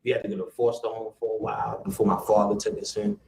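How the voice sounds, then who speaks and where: A man's voice: lowish voice, little pitch movement, fast talker, creaky, mellow, a little hiss or hum. A man telling a profane family story to a live audience, laughing often and acting out the people he quotes. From United States. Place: lecture room. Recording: roomy live lecture room.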